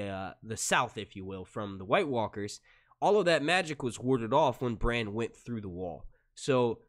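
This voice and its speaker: A man in casual livestream chat who rambles and swears freely. His pitch swings widely as he reacts to viewers and laughs at his own tangents. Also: fairly bright tone. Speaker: streamer and show reviewer.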